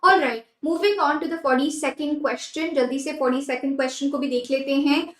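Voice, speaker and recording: A woman's voice: high voice, rapid-fire, reverberant, low-quality recording. A woman with an Indian English accent teaching a live online exam-prep class, mixing Hindi and English and repeating key phrases as she praises students by name.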